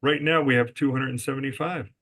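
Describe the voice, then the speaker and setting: A podcast guest who is a resort company executive speaks quickly in a medium-pitched, slightly bright voice with fairly even intonation. He tells business stories emphatically, posing rhetorical questions and answering them himself.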